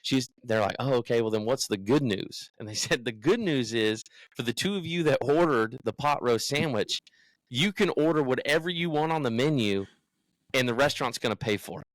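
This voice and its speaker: A man's voice: medium pitch, lively intonation, brisk, dry recording, low-quality recording. A young man from the United States, a podcast co-host, tells a story in casual chat and acts out what other people said.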